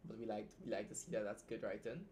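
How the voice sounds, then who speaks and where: The voice is fairly low and darkish, with little pitch movement and a little hiss or hum behind it. It belongs to a young Trinidadian writer hosting a casual livestream, bluntly joking, swearing freely, and tossing out quick asides as he reacts to a story.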